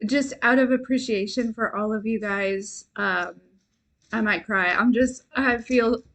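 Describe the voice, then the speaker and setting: A young woman hosting a live stream, chatting warmly and rambling, giggling and at times tearful with gratitude. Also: fairly high pitch, measured pace. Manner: chatty, rambling with many fillers. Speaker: livestream host and intuitive reader. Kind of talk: casual livestream chat.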